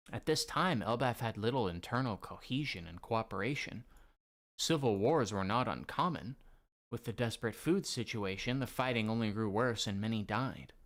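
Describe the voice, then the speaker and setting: A man reading a manga aloud and reacting excitedly, with slang and swearing. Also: lowish voice.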